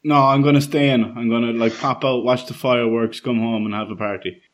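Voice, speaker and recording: Swearing freely and cracking himself up, a man co-hosts a casual podcast chat. He speaks in a mid-range voice with a steady tone, fairly quickly.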